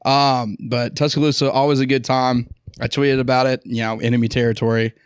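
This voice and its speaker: A man's voice: mid-range voice, level tone, a little fast, smooth, dry recording, studio quality. A man from Atlanta co-hosting a sports podcast, telling blunt, profane stories in casual chat. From Atlanta, Georgia. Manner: blunt, swearing storyteller. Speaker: podcast co-host.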